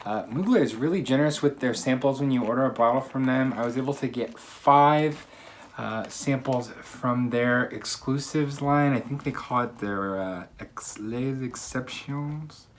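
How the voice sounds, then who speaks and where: A man's voice: medium pitch, a little slow, slight background noise. Chatty man unboxing on camera at home. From United States. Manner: chatty, upbeat, many fillers. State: slightly out of breath. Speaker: fragrance reviewer. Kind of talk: casual unboxing vlog. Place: quiet room at home.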